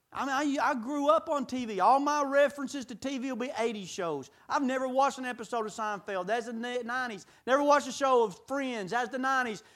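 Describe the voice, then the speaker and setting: Preaching in a folksy style, a middle-aged man peppers his sermon with rhetorical questions. He shifts from shouts down to quiet, intimate talk.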